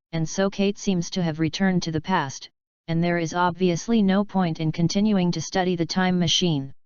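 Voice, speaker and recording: Calm clever woman inventor, read aloud. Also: on the low side, clear, resonant tone, no echo, highs cut off, natural voice.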